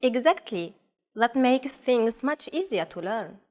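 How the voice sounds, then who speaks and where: A woman's voice: a little high, animated, darkish tone. Woman co-hosting a language lesson. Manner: slow, careful model pronunciation. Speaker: native-speaker co-host.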